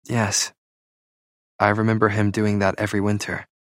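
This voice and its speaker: A man voicing a guarded, defiant young woman in a storybook reading, lifting his voice higher and speaking coolly. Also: completely flat delivery, moderate pace, no echo, studio quality, close to an everyday voice. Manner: raised pitch, cool and challenging.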